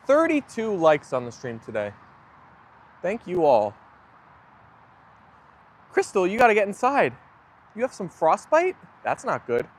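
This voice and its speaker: A man's voice: high-pitched, normal speed. A young man hosting a livestream, chatting casually and answering viewer comments as they come in. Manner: relaxed, chatty, often agreeing with viewers. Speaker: livestream host.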